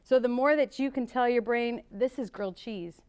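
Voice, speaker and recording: A woman's voice: a little high, normal speed, darkish tone, clean tone. A woman therapist teaching a couples workshop at a church, talking conversationally and acting out little examples. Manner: conversational, acts out examples with gasps and sighs. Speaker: marriage and family therapist teaching a couples class. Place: church hall.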